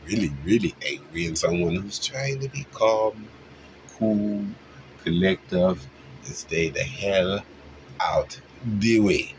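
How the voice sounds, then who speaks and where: A man rambling through a spiritual monologue, preachy and full of rhetorical questions, jumping from low mumbles to high loud bursts. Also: a little hiss or hum, poor audio.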